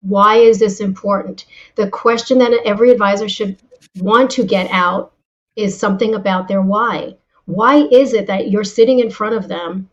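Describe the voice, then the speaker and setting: A woman guest in an interview who tells stories in a lively, animated way and often repeats words as she starts a sentence. Her voice sits at a middle pitch. The recording sounds a little muffled and lo-fi. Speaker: guest, sales and leadership speaker. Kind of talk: interview answers with personal stories.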